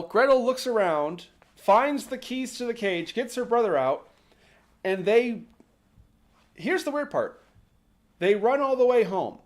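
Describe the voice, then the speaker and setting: A man hosting a livestream, retelling a folk tale casually with sarcastic, mocking asides and casual swearing. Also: sits high. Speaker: host.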